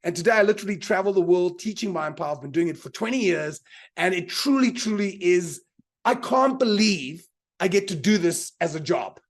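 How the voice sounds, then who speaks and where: A mind power teacher leads a live online motivational seminar, speaking with energy, repeating his key lines for emphasis, and repeatedly asking the audience to answer in the chat. His voice sits high and is animated and fairly quick.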